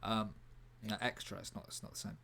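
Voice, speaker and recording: A man streaming live in a rambling, deadpan way, breaking off to answer his chat. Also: on the low side, a little fast, vocal fry. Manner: rambling, deadpan, self-interrupting. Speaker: livestreamer reading chat. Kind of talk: casual livestream chat.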